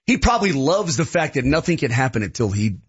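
A man's voice: mid-range voice, very animated, fast talker, slightly rough. A man co-hosting sports talk radio, emphatic and repeating himself as he argues. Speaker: radio co-host. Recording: lo-fi radio broadcast.

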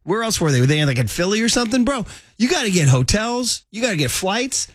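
Animated, slangy male sports radio host. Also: high voice, fast, dry recording, studio quality. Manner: animated, slangy, rises to near-shouts when worked up. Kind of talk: casual sports radio banter.

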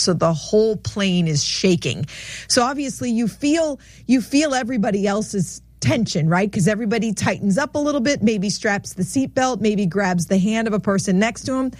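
A woman's voice: mid-range voice, a little mellow, no echo. A woman co-hosting a casual faith discussion, telling an anecdote in a chatty way and laughing as she goes.

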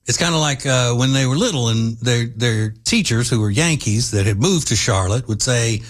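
A man's voice: medium pitch, lively intonation, normal speed. Mocking middle-aged man host. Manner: mocking, sarcastic, emphatic. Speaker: talk show host. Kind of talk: opinionated radio commentary.

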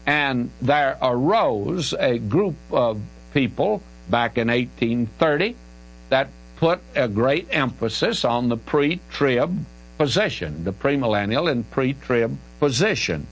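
Older man, radio Bible teacher, folksy and emphatic, animated pitch, mains hum. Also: slow pace, rough recording. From Southern United States. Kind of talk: radio Bible teaching, answering listener questions.

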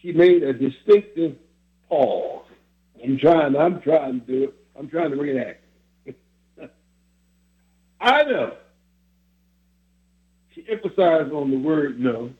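A man's voice: fairly high pitch, measured pace. A man hosting a casual chat, reflecting on family sayings and chuckling between thoughts. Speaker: host. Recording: phone-like line.

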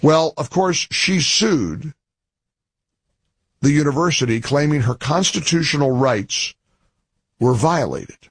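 A man delivering an opinion monologue in a slow, deliberate cadence, stacking phrase on phrase. His voice has a husky grain, sitting a touch high for a man. The sound is close and dry, with no room around it. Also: lively intonation, dry recording. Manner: emphatic, builds in repeated phrases and pauses; indignant. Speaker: political commentary host.

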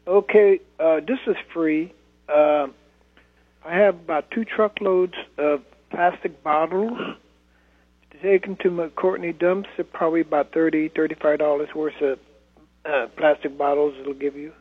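Male caller, halting and filler-heavy, raspy voice on a phone line. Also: on the high side, fairly even intonation. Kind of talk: phone-in chat.

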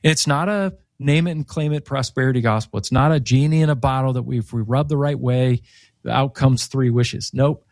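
A man who is an author and guest on a faith radio show, telling stories in an animated way and acting out the quoted voices. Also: medium pitch, moderate pace, no room sound, clean studio sound.

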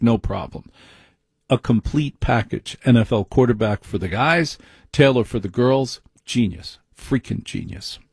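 Middle-aged man, husky voice, blunt and wry commentary, dry close mic. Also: medium pitch, a little mellow, no room sound. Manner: blunt, wry, rambling asides. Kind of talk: opinionated monologue.

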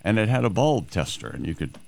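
A wisecracking male radio co-host whose voice swings up and down with plenty of life. He fires off quick jokes into a studio microphone, and the sound is dry and close. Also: low voice, big pitch swings, creaky, a little mellow, no echo. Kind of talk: morning radio banter.

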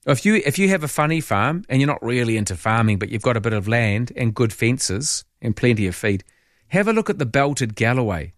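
A man's voice: medium pitch, brisk, no echo, clean studio sound. A man with a New Zealand accent hosting an overnight radio talk show, reading listener texts and telling chatty stories. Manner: chatty, storytelling, animated in anecdotes. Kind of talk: late-night radio chat reading texts. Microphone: studio microphone.

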